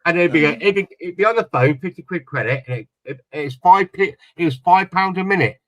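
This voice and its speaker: A man's voice: high-pitched, a little fast, fairly bright tone, no echo, rough recording. A man telling a long story in casual chat on a panel, rambling and repeating his words. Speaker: panel guest.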